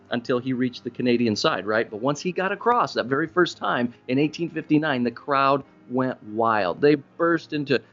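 A man preaching a sermon in a conversational storytelling way, with sudden animated rises for emphasis. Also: mid-range voice, dull audio. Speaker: pastor.

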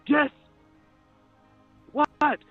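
A man's voice: extremely slow, no room sound, faint music behind. A man preaching a sermon with passion, building to fervent cries. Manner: impassioned, rises to crying out. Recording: tinny radio broadcast.

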